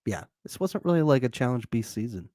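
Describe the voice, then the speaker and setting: A man co-hosts a relaxed recap podcast, cracking jokes and laughing often. His voice sits at a middle pitch and sounds dry and close, with no room around it. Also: brisk, dry recording. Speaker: podcast co-host. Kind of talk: casual recap chat.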